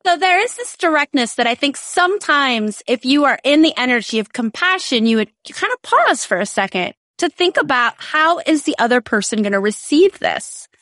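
A woman chatting casually on a podcast, telling stories with animated, expressive delivery. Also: high voice, normal speed, few pauses, no room sound, clean studio sound. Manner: animated storyteller, acts out quoted voices. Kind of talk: casual conversation.

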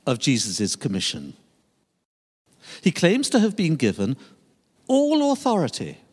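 A man's voice: on the high side, a little mellow, husky. An older man, a pastor, preaching a sermon with emphatic, rising and falling delivery. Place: church sanctuary. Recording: long reverb of a large church hall.

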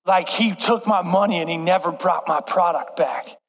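A man putting on a gruff deep-voiced old woman. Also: normal speed, a bit bright. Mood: suspicious. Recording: long reverb in a large hall.

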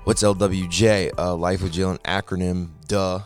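A man's voice: deep voice, level tone, moderate pace, soft background music. A young man hosting his own podcast, talking casually about faith with joking asides and frequent restarts. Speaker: podcast host. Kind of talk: casual faith talk monologue.

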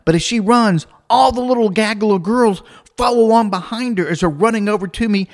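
A man telling a comic personal anecdote, animated, acting out the other people's voices and laughing as he goes. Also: high-pitched, fairly quick. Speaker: storyteller.

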